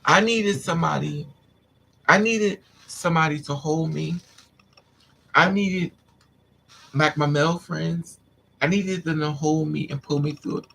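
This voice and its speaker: A man's voice: on the high side, unhurried, creaky, pauses often, bright, forceful tone, slight background noise. A man vlogger intensely telling a painful personal story to his viewers, repeating himself as he vents. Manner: intense, repetitive, venting.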